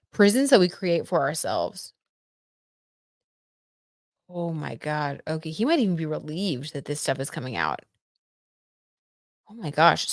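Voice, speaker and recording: A woman giving a casual live tarot reading in a chatty, excitable way, full of fillers. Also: sits low, no echo, clean studio sound. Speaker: tarot reader.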